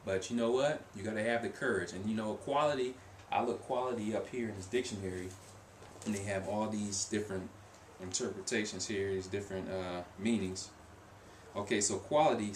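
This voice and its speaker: A man's voice: fairly low pitch, fairly quick. Guy vlogging about learning languages, earnest, keeps restarting, echoey room, bit of background noise. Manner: earnest, repeats words and restarts often. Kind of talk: casual motivational talk to camera.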